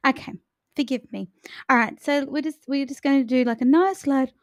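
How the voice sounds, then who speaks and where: A woman vocal coach leading a live warm-up lesson, chatty and encouraging as she demonstrates exercises. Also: high-pitched, moderate pace, no room sound, dull audio, soft background music.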